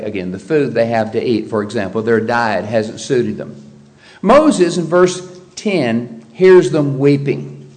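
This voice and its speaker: Male preacher delivering an expository sermon, slightly raised pitch. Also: a little mellow. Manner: expository preaching, rhetorical questions, reading scripture aloud.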